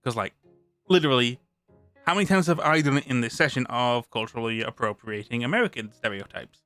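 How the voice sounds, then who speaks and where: A British man reads a tabletop rulebook aloud on his stream, stopping to restart words and chat between sections. His voice is bright and crisp. It sits close and dry on the mic, with faint music playing underneath. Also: mid-range voice, fairly quick, no room sound. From Britain. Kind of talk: live-stream rulebook read-through.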